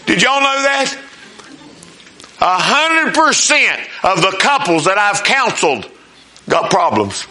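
An older man preaching a sermon, telling folksy stories and swinging between soft asides and loud emphasis. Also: high voice, big pitch swings, slow pace, pauses often, slight background noise. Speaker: pastor.

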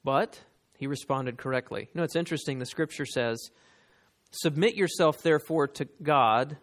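Man preaching, slow emphatic scripture reading. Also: on the high side. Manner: reads scripture slowly and with emphasis, talks to listeners directly. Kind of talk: sermon.

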